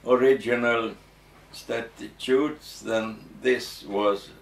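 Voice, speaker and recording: Slow hesitant guy, lots of ums, kinda far from the mic, roomy echo. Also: medium pitch, steady tone, creaky. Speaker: interviewee. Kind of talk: halting explanatory interview answers. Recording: echoey room, distant mic, faint noise.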